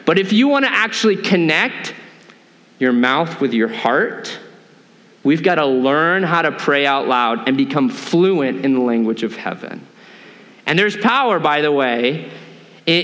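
A pastor preaching a sermon in a conversational, animated way, with acted asides. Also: male voice, fairly high pitch, big-room sound.

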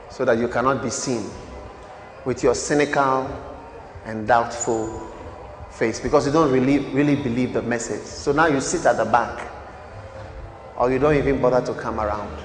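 A man preaching a sermon, swinging from loud declarations to hushed asides and pressing the congregation with questions. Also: medium pitch, normal speed, long pauses. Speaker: pastor. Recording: echoey church hall.

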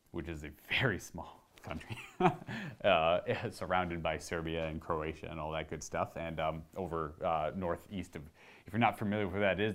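A man from Ontario, chatting casually on his channel, rambling and correcting himself and getting animated while demonstrating. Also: sits low. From Ontario, Canada. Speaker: video host answering viewer questions. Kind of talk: casual chat.

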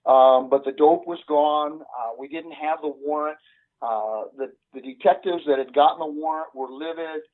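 Older man on a tinny phone line. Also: on the high side. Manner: earnest, halting with many "uh" fillers. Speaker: retired police sergeant. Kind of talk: telling a story in an interview.

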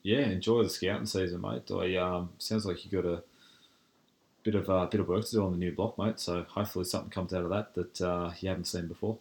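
A man's voice: sits low, fairly even intonation, quick pace, gravelly, a little mellow. An Australian man hosting a podcast, chatting casually and calling his guest mate. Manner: laid-back, says mate a lot. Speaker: podcast host.

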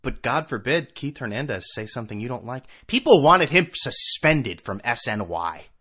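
A man's voice: mid-range voice, very animated, normal speed, pushed and bright, slightly rough. A man in his thirties hosting a casual sports talk show, ranting with sarcasm and profanity.

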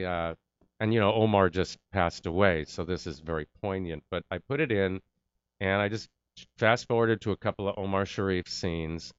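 A middle-aged man with a low, smooth voice tells a story in a relaxed chat and acts out the people he quotes. The sound is dry and a little dull. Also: no room sound. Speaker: actor telling a story.

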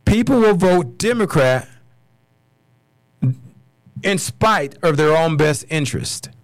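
A fired-up American man with a fairly high voice rants on his podcast, blunt and cursing, hammering the same words over and over. The sound is dry and close, with no room around it. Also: animated, slow pace, dry recording. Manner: angry, blunt, swearing, repeats himself. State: furious. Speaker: podcast host. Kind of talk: solo political podcast rant.

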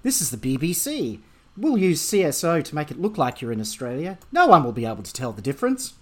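A man co-hosting a comedy podcast with a brisk, officious manner. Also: fairly high pitch, big pitch swings. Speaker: podcast co-host. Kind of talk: comedy sketch and casual podcast chat.

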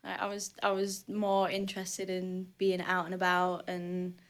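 A woman's voice: fairly low pitch, unhurried. A woman in her twenties from Hull with a thick Northern English accent, telling stories as a guest in a casual chat, with lots of fillers. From Hull, England, raised in southern Spain. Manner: chatty, animated storyteller with frequent fillers. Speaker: guest athlete.

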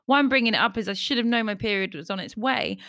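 A woman's voice: a little high, fast, a bit bright, dry recording, studio quality. A woman comedian co-hosting a podcast, chatty and candid, often laughing while she talks. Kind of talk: casual podcast chat.

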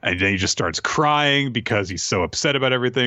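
A man hosting a podcast and casually recapping an episode in an animated way, with quick asides, on a dull lo-fi recording. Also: medium pitch, no echo. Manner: animated, retelling fight scenes with quick asides. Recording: dull lo-fi sound.

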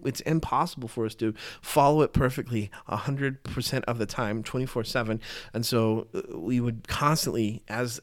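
Speaking at medium pitch, a man offers an earnest yet casual Bible teaching in a conversational style, frequently restarting and repeating phrases as he goes.

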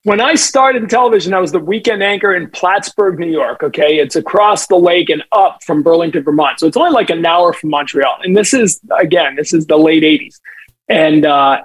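Middle-aged New sports broadcaster, high husky voice, dry close sound, animated anecdote teller. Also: male voice, brisk, no echo, poor audio. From New England. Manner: lively storyteller, does voices in anecdotes. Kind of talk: casual podcast chat.

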